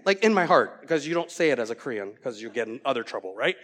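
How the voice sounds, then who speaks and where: A middle-aged man preaching a sermon as pastor, earnest and growing animated as he tells a story. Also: on the high side, quick pace, hardly any pauses.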